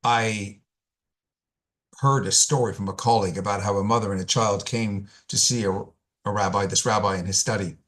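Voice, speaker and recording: A male rabbi delivering a sermon, telling stories with emphatic repetition and deliberate pauses. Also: lowish voice, steady tone, a bit bright.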